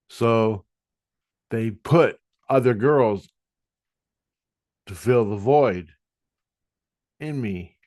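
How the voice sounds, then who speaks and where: Slow, profane man telling a story. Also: fairly low pitch, dry recording, clean studio sound. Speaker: vlogger. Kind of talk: casual spiritual monologue.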